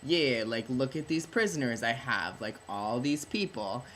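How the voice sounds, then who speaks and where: A man's voice: medium pitch, measured pace, fairly bright tone, slight background noise, natural voice. A tipsy man voicing a cocky, hotheaded young knight who talks brashly and swears. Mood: defiant.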